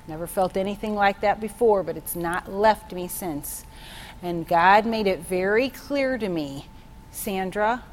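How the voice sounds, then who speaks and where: A woman in her forties giving a personal testimony at a church meeting, telling her story with feeling and sudden high exclamations. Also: a little hiss or hum. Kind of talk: testimony sermon.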